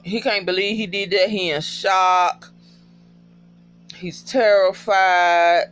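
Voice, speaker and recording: A man casually recapping a TV episode in a profane, emotional, animated storytelling way. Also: high voice, takes it slowly, clean tone, lo-fi sound, faint music behind.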